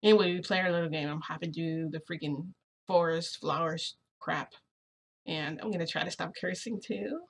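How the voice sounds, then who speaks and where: A young woman casually telling a story as a vlogger, chatty and excitable, often saying "freaking". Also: low-pitched, moderate pace, slight background noise.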